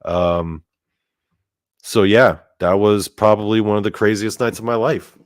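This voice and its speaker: A man telling a story in a casual monologue, animated and profane, with lots of "like" fillers. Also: lowish voice, measured pace, clear, resonant tone, no room sound, clean studio sound. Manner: animated and profane, heavy use of "like". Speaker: storyteller host.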